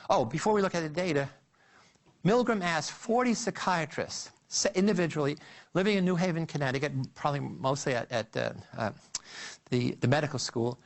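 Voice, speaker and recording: A man giving a psychology lecture, telling the story in an animated way with frequent restarts and fillers. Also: fairly high pitch. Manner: animated storytelling, addresses listeners as "you".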